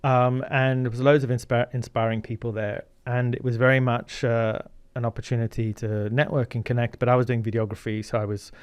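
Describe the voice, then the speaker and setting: A man's voice: mid-range voice, little pitch movement, fairly quick, few pauses, clean tone, no room sound. Earnest middle-aged man, dry close sound. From Zimbabwe. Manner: earnest, anecdotal, many fillers. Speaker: guest, media founder. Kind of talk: casual interview storytelling.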